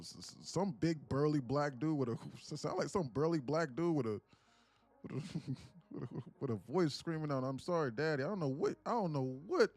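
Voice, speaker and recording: Joking around with profanity and slang, a live-streaming day trader reads his viewers' chat out loud in a casual conversation. His voice sits on the high side and is a little mellow.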